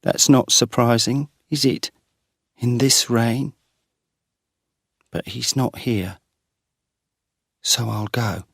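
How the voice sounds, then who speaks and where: A man's voice: medium pitch, creaky, a bit bright, husky, no echo, clean studio sound, voice pushed up, exaggerated voice. A man voicing a weary, tearful woman, the wife of a tramp, in a storybook reading. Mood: defiant. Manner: pleading, tearful, slow.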